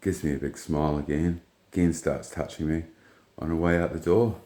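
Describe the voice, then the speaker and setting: Blunt, swearing man, very low voice, rambling anecdote in a roomy space. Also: normal speed. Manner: blunt, profane, rambling, retells dialogue in flat quotes. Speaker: vlogger. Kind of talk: casual storytelling monologue.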